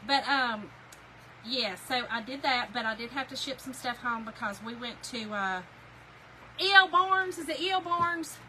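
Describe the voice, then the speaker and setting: Folksy woman host, higher voice, casual craft-stream chatter over steady noise. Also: measured pace, poor audio. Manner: chatty, folksy, talks to viewers as y'all. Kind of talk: casual chat while crafting on a livestream.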